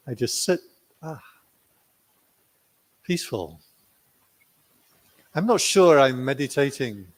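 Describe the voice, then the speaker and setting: A man teaching meditation, telling a retreat story in a playful way and acting out the quotes. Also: medium pitch. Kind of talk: dharma talk with a story.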